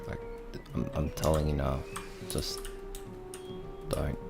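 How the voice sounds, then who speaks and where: A man's voice: extremely low pitch, little pitch movement, takes it slowly, gravelly, pauses often, music in the background. A man streaming a game, chatting casually, rambling, and playfully bantering with his chat. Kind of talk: casual gaming commentary.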